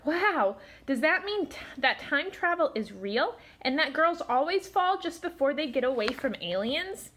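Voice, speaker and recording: A woman voicing an excitable young male kitten in a storybook, full of eager, wide-eyed questions. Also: sits high, measured pace, hardly any pauses, a little hiss or hum, voice pushed up, heavily acted.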